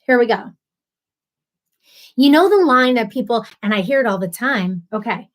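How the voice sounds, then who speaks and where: A woman's voice: a little high, animated, normal speed. Chatty woman hosting a live stream. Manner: chatty, answers viewers by name, laughs often. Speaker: livestream host. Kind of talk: casual live-stream chat.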